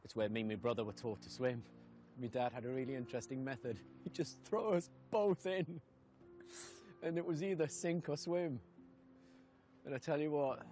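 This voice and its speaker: A man's voice: a little high, darkish tone. A middle-aged man with a Northumbrian accent, presenting and telling comic stories casually outdoors, slipping in and out of local dialect. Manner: chatty, comic, slips into dialect. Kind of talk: casual storytelling to camera.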